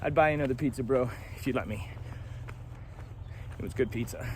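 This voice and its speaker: A man's voice: mid-range voice, a little fast, a little mellow, a little hiss or hum. A man vlogging casually outdoors at a forest campsite, talking to a handheld camera in a laid-back, slangy way with easy laughs. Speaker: thru-hiker vlogger. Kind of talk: casual trail vlog.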